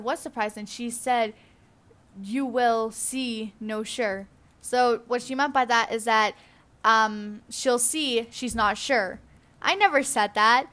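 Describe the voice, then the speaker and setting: A young woman narrates her gaming story in a loose, chatty way, full of fillers and restarts. Her voice sits a little high and sounds bright. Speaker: gaming YouTuber. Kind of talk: casual commentary over gameplay.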